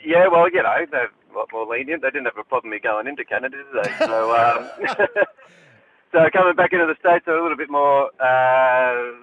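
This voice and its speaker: A man's voice: medium pitch, fairly quick. A man calling in to a radio show and telling a rambling story in a laid-back way. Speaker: caller. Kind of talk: phoned-in anecdote. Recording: tinny phone line.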